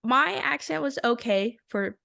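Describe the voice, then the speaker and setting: A young woman co-hosting a podcast, chatting casually and telling animated stories with frequent giggles. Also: fairly high pitch, unhurried, vocal fry. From rural area. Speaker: podcast co-host. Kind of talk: casual chat.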